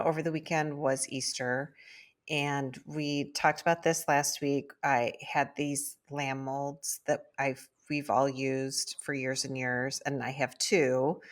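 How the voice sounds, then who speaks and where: A middle-aged woman from the Midwest, co-hosting a casual podcast chat and telling family stories. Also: sits low. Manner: chatty storyteller. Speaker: podcast co-host.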